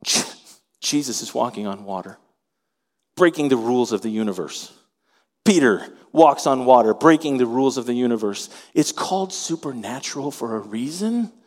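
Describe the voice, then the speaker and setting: A man preaching a sermon, animated, acting out the voices of the people in his story. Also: medium pitch, moderate pace, in a large hall. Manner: animated, acts out voices in quotes. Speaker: pastor.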